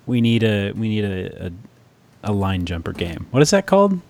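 Rambling low-voiced man chatting tech. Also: very animated, normal speed, gravelly, a little mellow. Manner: rambling, self-correcting, laughs easily. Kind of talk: casual tech chat.

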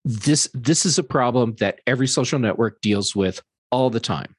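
A man co-hosting a casual panel discussion, giving measured, thoughtful analysis with some restarts. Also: medium pitch, slightly rough, no room sound.

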